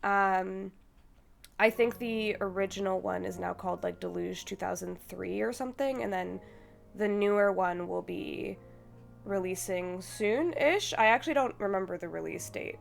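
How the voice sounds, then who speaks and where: A young woman streamer rambles through a casual chat, hesitant and full of fillers and little laughs. Her voice has a gravelly fry and sounds a bit feverish, with soft music playing faintly underneath. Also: mid-range voice, normal speed. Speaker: streamer interviewing her brother.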